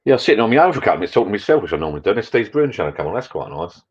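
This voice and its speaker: A deep-voiced man talking quickly and rambling on in a friendly, matey way on a live stream. He chats casually to viewers from his garden bar shed. The audio sounds a little muffled and lo-fi. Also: big pitch swings, slightly rough. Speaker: vlogger hosting a live chat.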